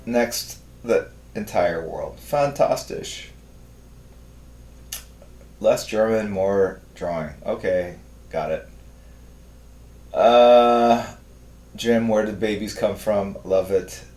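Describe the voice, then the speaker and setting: A man with an American accent casually chatting on a live stream while he draws, reading viewer comments aloud in a low-key, mumbling way. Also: slow, darkish tone, reverberant. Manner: reads viewer comments aloud, laughs often, tries awkward German.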